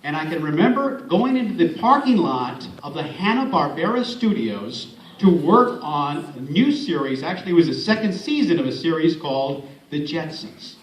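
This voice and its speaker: A man's voice: a little high, sing-song, moderate pace, a little hiss or hum. A man from San Antonio giving a motivational speech and telling stories with playful asides to the audience. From San Antonio, Texas. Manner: warm storytelling with playful asides. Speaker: speaker, former radio host and voice actor. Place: large hall at an event. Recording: echoey hall from far off, faint ambience.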